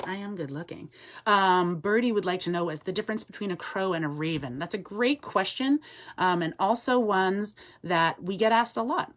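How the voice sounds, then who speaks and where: A woman wildlife educator giving a live-streamed talk indoors at a desk. She answers viewer comments in a chatty way, with lots of ums and soft asides to the bird. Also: lowish voice. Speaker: wildlife educator with an animal ambassador.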